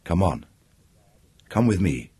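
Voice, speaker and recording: A man voicing a tense, determined baroness in an audiobook reading, quiet and strained. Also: low-pitched, slow pace, breathy edge, no echo, voice pushed down, full character voice. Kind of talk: audiobook character voice.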